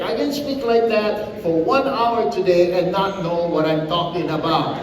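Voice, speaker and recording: A man's voice: high-pitched, moderate pace, hardly any pauses. An older man from Hawaii with a Hawaiian accent, a comedian chatting and telling stories to a live audience. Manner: animated, chatty storyteller. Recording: echoey hall from far off.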